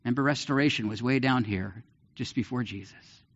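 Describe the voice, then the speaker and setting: A male pastor preaching a sermon in an animated way, with big swings in pitch and the odd light laugh. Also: brisk. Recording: dull lo-fi sermon recording.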